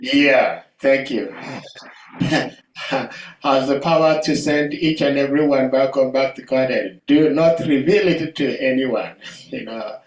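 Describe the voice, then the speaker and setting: A man in a class discussion speaks very slowly and haltingly, stopping often on "uh". He sounds far from the mic. The room adds a roomy echo. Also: medium pitch. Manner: slow and halting with many "uh" pauses. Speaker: class participant.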